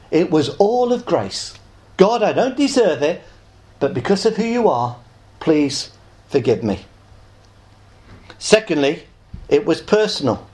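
This is an evangelistic sermon from a man who pleads earnestly. His voice climbs on the words that matter and settles low and gentle as each phrase ends.

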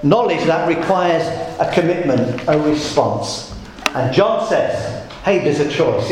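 A man preaching a sermon to a congregation, telling jokes and stories in a playful, lively way. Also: fairly high pitch, background noise. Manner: jokey, lively storytelling. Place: church. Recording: echoey church room.

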